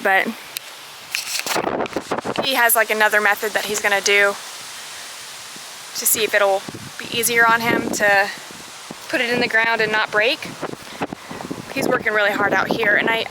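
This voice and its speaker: A woman, chatting excitedly as she walks her garden for a homesteading vlog, gasping at her finds. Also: a little high, moderate pace, pauses often, noisy background. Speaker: homesteading vlogger. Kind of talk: casual walk-and-talk vlog. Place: outdoors in a rural garden. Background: outdoor ambience, rustling leaves, animals.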